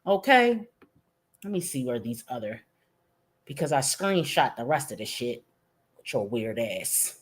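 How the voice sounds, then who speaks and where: A woman streamer reacting to posts in a brash, profane, mocking way. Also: on the low side. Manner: slow-paced, drawn-out. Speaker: commentary streamer. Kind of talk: reaction commentary.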